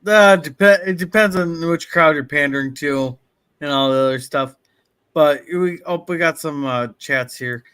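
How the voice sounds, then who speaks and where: A man with a notably high voice co-hosts a casual livestream. He reads viewer comments aloud and greets people in the chat. His delivery is loose and conversational. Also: normal speed, fairly bright tone, clean tone. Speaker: co-host reading chat.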